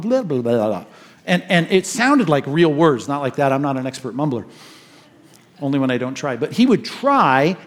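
A man pastor preaching a sermon, telling stories with lively rises and hushed drops in his voice. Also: fairly high pitch. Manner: animated storytelling, rises and drops in volume.

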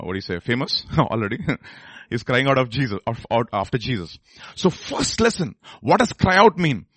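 A man preaching a sermon, moving between low murmured asides and loud, high exclamations and questions to the congregation. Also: husky, no echo. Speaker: pastor.

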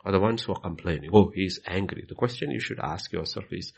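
A man's voice: low voice, quick pace, gravelly, slightly rough. A man answering questions as a pastor in a Q&A, repeating his points with emphasis. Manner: repetitive, emphatic, acts out quoted questions. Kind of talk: Q&A teaching.

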